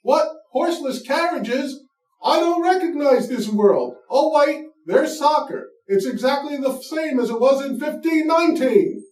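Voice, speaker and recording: A man's voice: very high voice, expressive, a little slow, voice pushed up. A man putting on a baffled old-time Englishman. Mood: bewildered. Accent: put-on British. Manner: baffled, exclaiming. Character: bewildered 1500s Englishman in the modern world. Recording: echoey room, mic far off.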